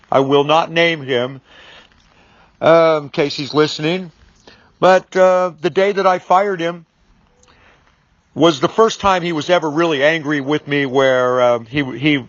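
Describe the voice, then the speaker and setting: A man's voice: on the high side, no room sound, highs cut off. A man who trains salespeople, talking freely in a rambling way with many fillers and restarts, and acting out both sides when he retells an argument. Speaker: business author and sales trainer. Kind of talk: unscripted monologue.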